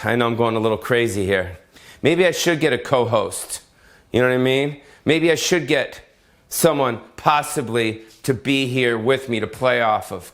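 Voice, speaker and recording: A man's voice: medium pitch, a bit bright. A middle-aged man, a comedian, delivering a brash, profane and rambling solo rant from his home. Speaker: comedian hosting his own show. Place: home in Las Vegas.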